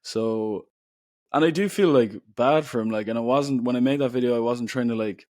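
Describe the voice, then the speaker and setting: A young Irish man, a podcast guest, telling a story in a relaxed, chatty way with lots of fillers. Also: mid-range voice, normal speed, no echo, studio quality. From Ireland. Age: young adult. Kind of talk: casual storytelling.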